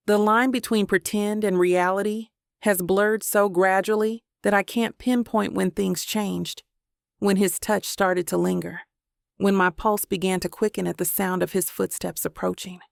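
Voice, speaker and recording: A woman narrating a first-person romance audiobook in an intimate, even reading. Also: medium pitch, vocal fry, no room sound, clean studio sound.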